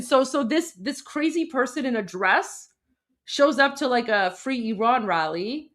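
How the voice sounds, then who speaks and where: Chatty animated woman commenting on clips. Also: sits high, moderate pace. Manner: chatty, full of "like" and restarts, animated. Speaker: political commentary co-host. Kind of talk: casual commentary over video clips.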